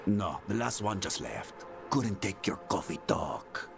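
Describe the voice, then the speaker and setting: An actor playing a calm, persuasive male noble of an assassin guild in a video game. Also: low-pitched, measured pace, vocal fry, full character voice. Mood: scheming. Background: faint game music.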